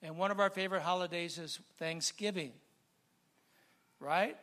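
A man preaches a sermon with a high, bright voice. He talks easily to the congregation, stacks phrase after phrase in a steady rhythm, and builds up to loud fervent preaching. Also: moderate pace. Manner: repetitive listing cadence.

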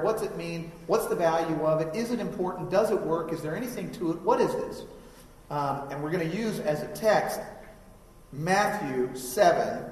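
Conversational preacher in an echoey hall. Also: male voice, fairly high pitch. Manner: conversational, asks the congregation questions. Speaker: pastor. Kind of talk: sermon. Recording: echoey hall, mic from far off.

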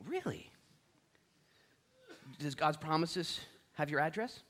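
A middle-aged man preaches a sermon in a conversational way, breaking into acted-out exchanges. His pitch swings widely as he talks, rising high and dropping low. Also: lively intonation, fast talker. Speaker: pastor.

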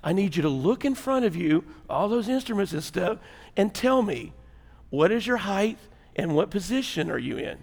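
A man voicing a calm male air traffic controller in a soft, reassuring tone. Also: high voice, a little slow, vocal fry, breathy edge, heavily acted. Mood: soothing. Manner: soothing, hushed and reassuring.

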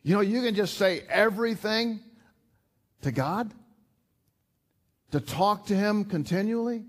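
A man's voice: high-pitched, measured pace. An older man preaching a sermon in an earnest, conversational way. He repeats himself often and builds to emphatic rises. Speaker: pastor.

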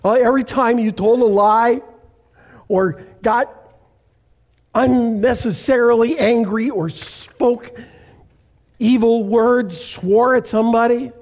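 An older man from Canada, a pastor preaching a sermon in a slow, deliberate way with emphatic pauses. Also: extremely high pitch, steady tone, a little mellow.

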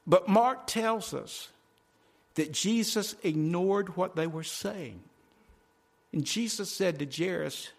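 A male preacher delivering a sermon in a slightly high voice, folksy and direct with his congregation. He swings between loud, pressing phrases and quiet, hushed ones. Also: slow, vocal fry.

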